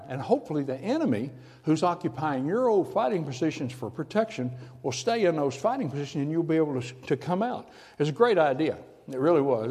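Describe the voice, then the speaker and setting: Older man, hushed dramatic testimony. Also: a little high, big-room sound. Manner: drops from loud to hushed near-whisper for effect. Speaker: speaker giving a testimony. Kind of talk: dramatic personal storytelling to an audience.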